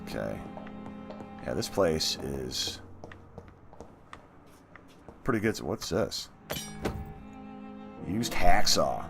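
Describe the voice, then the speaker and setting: A man's voice: extremely low pitch, very animated, extremely slow, vocal fry, pauses often, over music. Chatty man narrating gameplay. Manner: chatty, muttering asides to himself. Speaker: let's play host. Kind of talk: casual gameplay commentary.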